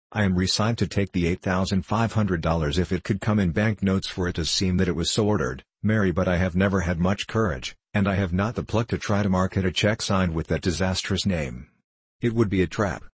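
A man's voice: low-pitched, fairly quick, slightly rough, no echo. A man voicing a weary, timid male bank cashier who speaks in a hesitant, worried way in an audiobook.

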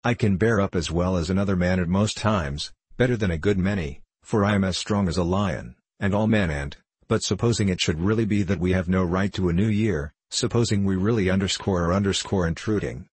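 A cheerful old working man, fond of his daughter, as a man reads him aloud. He has a deep, husky voice, recorded dry and close. His speech is homely and excitable. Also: brisk, few pauses, no echo. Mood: anxious.

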